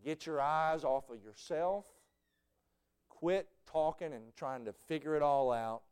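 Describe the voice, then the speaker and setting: Preacher man, smooth and clear, spins sermon stories, quiet then loud. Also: a little high, a little slow. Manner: storytelling, swings from hushed to shouting.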